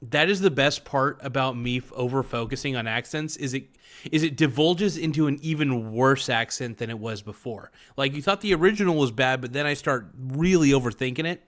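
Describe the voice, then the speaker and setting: A man's voice: mid-range voice, a little fast, a bit bright. Rambling, joking man streaming from home. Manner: rambling, joking, self-mocking. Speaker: live streamer reading chat. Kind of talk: casual livestream chat.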